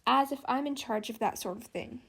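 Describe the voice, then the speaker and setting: A woman's voice: on the high side, fairly quick, creaky, fairly bright tone, slightly rough, heavily acted. Harried, fretful young institute head, read by a woman. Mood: exasperated. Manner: exasperated, worried.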